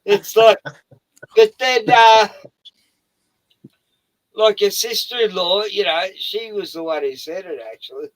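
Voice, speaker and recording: A man's voice: high-pitched, a little slow, long pauses, rough recording. An Australian man on a live stream chat, blunt and argumentative, swearing freely. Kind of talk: casual chat.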